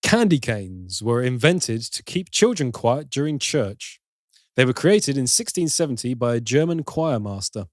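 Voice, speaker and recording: A man's voice: medium pitch, sing-song, a little slow, no room sound, clean studio sound. A man co-hosting a podcast, reading out trivia and joking with casual swearing. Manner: reads facts aloud, then jokes and swears casually. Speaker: podcast co-host. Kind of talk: casual chat with read-out trivia.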